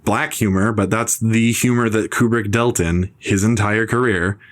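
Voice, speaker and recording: A man with a fairly low voice hosting a casual podcast chat. He reads review quotes aloud, then answers them with dry, sardonic put-downs. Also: steady tone, normal speed. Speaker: podcast host.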